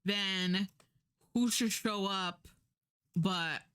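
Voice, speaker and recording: A young woman streamer casually retelling a drama plot, chatty and sarcastic, acting out lines in a higher voice. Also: very slow, fairly bright tone, clean tone.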